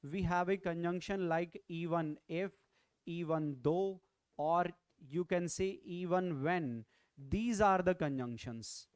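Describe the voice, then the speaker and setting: A man with an Indian English accent runs an online grammar class, his voice high-pitched and resonant. He repeats each point and keeps nudging viewers to comment. The sound is dry and close to the mic. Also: a little mellow, no echo. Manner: repetitive, coaxing viewers to comment. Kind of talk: online exam-prep lecture.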